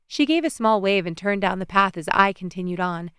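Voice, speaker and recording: A woman narrating a first-person romance audiobook in an expressive storytelling manner, recorded close in a studio. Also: mid-range voice, fairly quick, smooth, no echo.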